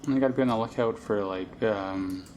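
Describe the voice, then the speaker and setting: A man's voice: on the low side, a little fast, a little mellow, a little hiss or hum. A man casually commentating a game he plays, rambling and thinking aloud with lots of fillers. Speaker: let's play host.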